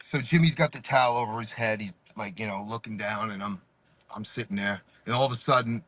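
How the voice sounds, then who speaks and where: A male podcast host telling stories in casual chat, laughing as he goes and shouting when he re-enacts them. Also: lowish voice, a little fast, dry recording.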